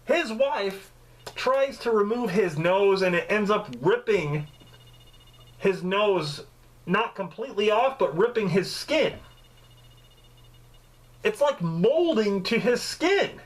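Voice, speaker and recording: A man giving a casual, joking movie review, with swearing and lively storytelling. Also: sits high, slow pace, pauses often, poor audio. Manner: profane, joking, animated storytelling.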